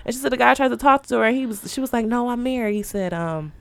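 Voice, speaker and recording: A woman's voice: on the high side, fast, creaky, dry recording. A woman co-hosting a podcast, telling stories with big laughs. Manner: animated storytelling with big laughs. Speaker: podcast co-host. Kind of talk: casual chat.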